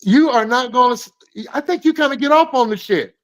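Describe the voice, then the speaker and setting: A man with a notably high voice ribs his co-hosts in crude, profane banter. He talks loudly and pushes every joke further. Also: fairly quick, rough recording. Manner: loud, profane, teasing. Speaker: co-host.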